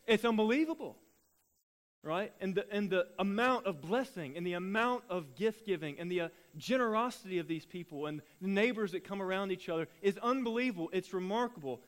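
Pastor with a high-pitched voice, animated preacher who acts out his stories. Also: brisk. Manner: animated storytelling, acting out voices. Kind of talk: sermon.

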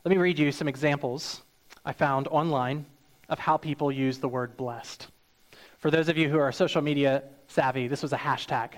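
A man preaching a sermon, acting out hyped quotes and then dropping low and soft for the serious points. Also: normal speed, long pauses. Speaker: pastor.

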